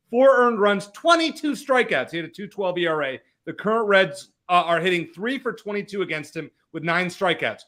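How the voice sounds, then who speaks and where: A man's voice: sits high, sharp tone. Upbeat stat-heavy male betting analyst. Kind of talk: sports betting picks.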